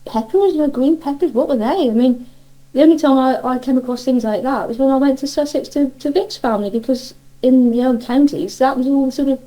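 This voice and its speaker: A woman's voice: high voice, a little fast, mellow, rough recording. A middle-aged woman from Cornwall with a Cornish accent, chatting in an interview and reminiscing in a rambling way with frequent self-corrections. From Cornwall, England.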